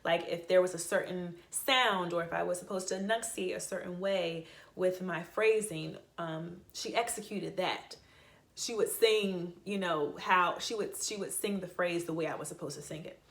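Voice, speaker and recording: Give me a young woman vlogger with a fairly low voice, sharing a heartfelt story in a roomy echo. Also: moderate pace, a bit bright. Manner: heartfelt, rambling with fillers and restarts. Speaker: vlogger, voice teacher. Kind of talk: casual personal storytelling. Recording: echoey room.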